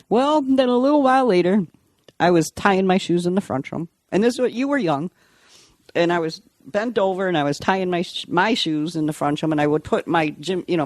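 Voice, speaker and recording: A woman's voice: fairly low pitch, darkish tone, dry recording. A middle-aged woman, a podcast guest, telling stories in a chatty way and often laughing between lines. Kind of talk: casual storytelling.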